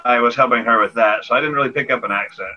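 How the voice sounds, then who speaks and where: A man who grew up in Michigan, chatting casually in a group video call, halting with fillers and chuckling often. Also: mid-range voice, lo-fi sound, slight background noise. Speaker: chat participant.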